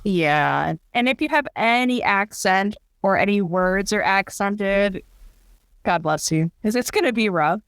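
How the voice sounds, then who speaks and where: A woman author chatting as a podcast guest, animated and acting out little quotes. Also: mid-range voice, a little slow, dry recording. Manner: animated, acts out quotes in funny voices. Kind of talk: casual interview chat.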